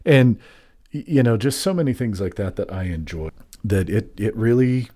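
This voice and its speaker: A man co-hosting a podcast, chatting enthusiastically about a film, agreeable and a bit halting. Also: lowish voice, expressive, mellow. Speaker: podcast co-host. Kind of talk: casual film discussion.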